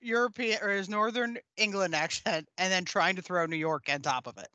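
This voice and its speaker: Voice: mid-range voice, a little fast, sharp tone, no echo. A podcast co-host in casual film chat, blunt and sardonic, swearing freely. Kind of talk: casual movie recap chat.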